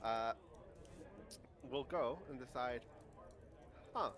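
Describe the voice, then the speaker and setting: A man's voice: medium pitch, measured pace, a crowd in the background. A man playing a tabletop game, describing his moves hesitantly with many fillers. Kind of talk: casual game chat.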